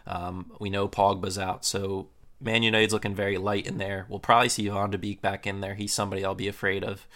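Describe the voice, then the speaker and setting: A young man hosting a casual football podcast, previewing matches in a relaxed way with lots of fillers. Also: fairly low pitch, brisk, hardly any pauses. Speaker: podcast host.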